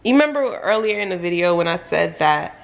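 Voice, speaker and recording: A woman vlogger telling a personal story in a casual storytime monologue, full of "like"s and sudden high, loud exclamations. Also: fairly quick, creaky, lo-fi sound. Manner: animated, filler-heavy retelling with many "like"s.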